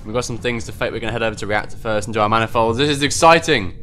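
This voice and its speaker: A man giving excitable live commentary on his own gameplay, quick to get worked up and swear at other players. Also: on the low side. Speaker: gaming video host.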